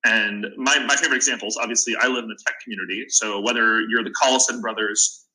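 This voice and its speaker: Bright-voiced young man giving advice. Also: on the low side, fairly even intonation, quick pace, rough recording. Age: 20s. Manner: earnest, advice-giving, restarts often. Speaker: podcast guest, startup founder. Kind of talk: casual interview talk.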